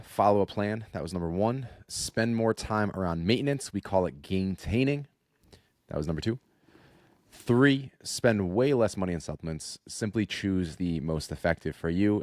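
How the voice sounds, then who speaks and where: A man's voice: low voice, a little mellow, no echo, clean studio sound. A young adult man co-hosting a fitness podcast, giving a direct, upbeat recap to listeners. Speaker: podcast co-host. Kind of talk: casual podcast chat.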